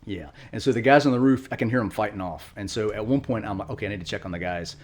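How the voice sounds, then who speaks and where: A middle-aged man, a retired Marine, telling war stories quickly in an interview, acting out quotes. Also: on the low side. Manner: fast, animated war storytelling with acted quotes. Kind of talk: storytelling interview.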